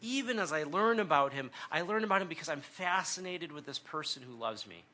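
A middle-aged man giving an earnest, conversational sermon talk, often pausing with "um" and "right?". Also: a little high, lively intonation, sharp tone. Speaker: speaker on prayer.

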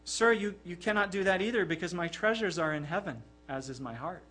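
Man doing a calm defiant old archbishop, quiet and steady, bright voice. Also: high voice, brisk. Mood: calm defiance.

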